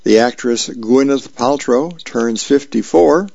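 A man with a deeply gravelly, creaky voice reads newspaper comics aloud as a radio reader. He calmly walks through each frame in a plain, unhurried way. The sound is very dry and slightly dull, like a lo-fi broadcast. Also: dry recording. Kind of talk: reading comic strips aloud.

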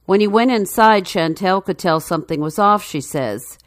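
A woman reading a news feature story in a measured, even narration. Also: medium pitch, no echo, clean studio sound.

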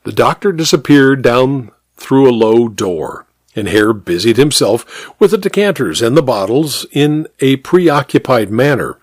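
A man narrating a mystery story in a measured, expressive reading. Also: mid-range voice, dry recording, clean studio sound.

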